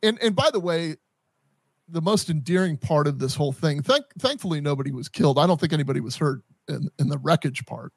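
A man hosting a casual podcast, animated and full of restarts as he works through his thoughts. His voice sits a little high, and the sound is close and dry. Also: husky, no echo. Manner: animated, halting, lots of restarts and stammers. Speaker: podcast host. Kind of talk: casual chat.

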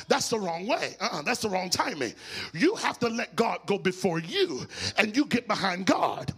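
Raspy, high-pitched preaching man. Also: very animated, moderate pace. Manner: building from low and quiet to shouted, sing-song preaching. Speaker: pastor. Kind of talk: sermon.

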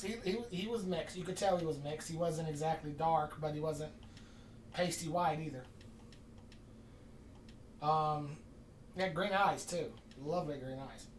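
A podcast host telling a long story in casual chat, rambling and animated, acting out the quoted dialogue. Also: medium pitch, slight background noise. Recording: distant mic in an echoey room.

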